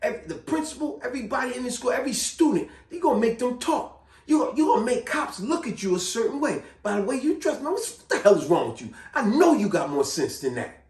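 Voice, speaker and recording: A man's voice: extremely high pitch, sing-song, quick pace, a little mellow, pitched above the performer's own voice, full character voice. A man voicing a stern, respected neighborhood security guard who scolds him bluntly. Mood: scolding. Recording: roomy room, distant mic.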